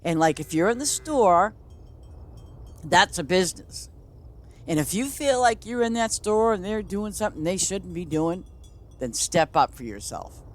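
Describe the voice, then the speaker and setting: Blunt, rambling woman with a lively voice. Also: lowish voice, unhurried. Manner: blunt, rambling, laughs a lot. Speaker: streamer. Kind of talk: casual chat while gaming on stream.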